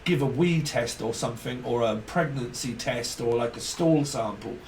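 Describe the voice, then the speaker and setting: A man's voice: mid-range voice, normal speed, a little mellow, distant mic. A man giving a casual tarot reading, rambling and free-associating with jokes. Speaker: tarot reader. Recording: echoey room, off-mic, faint hiss.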